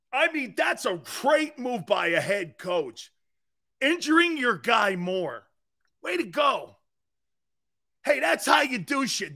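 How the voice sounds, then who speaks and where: A sports-talk man with a very high, bright voice who rants slowly, mocking and shouting in bursts. He laughs at his own jokes between quieter asides.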